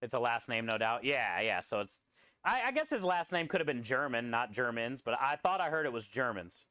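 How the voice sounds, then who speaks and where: A male chef talks his way through prep on a live stream, rambling from one dish to the next and stopping to answer chat. His voice is bright, smooth and a little high, recorded dry and close with no room sound, though he drifts off mic now and then as he moves around the truck kitchen. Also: sing-song, a little fast, no echo. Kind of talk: casual live-stream chat while cooking.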